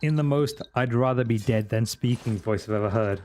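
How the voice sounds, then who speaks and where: A man's voice: mid-range voice, fairly quick, a little mellow. A man streaming a game live, chatting casually and ranting crudely in comic asides. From Britain.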